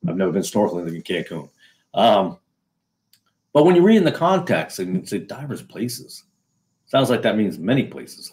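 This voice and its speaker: A man from New England talks through his own video in a loose, sarcastic ramble, full of ums and false starts. His voice sits a little low, and the talk stays casual and unscripted. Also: sing-song, moderate pace, a little mellow. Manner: sarcastic, rambling with fillers and restarts. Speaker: video host. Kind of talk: casual solo commentary.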